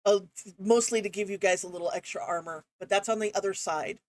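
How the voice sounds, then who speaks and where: A woman's voice: medium pitch, quick pace, a little mellow. A woman running a tabletop game as game master, talking casually with many fillers.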